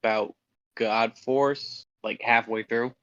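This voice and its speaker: A man's voice: mid-range voice, steady tone, takes it slowly, a bit bright, clear, resonant tone, dry recording. A man playing a tabletop game over a call, making wry remarks. His voice comes through dry and muffled, as on a dull call line. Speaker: player.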